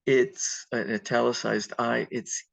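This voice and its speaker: A man's voice: medium pitch, little pitch movement, slow, vocal fry. A man teaching a Spanish class over a video call, explaining step by step with frequent ums. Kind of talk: online class lecture. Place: home at computer on video call. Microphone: video call mic. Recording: dull lo-fi video call audio.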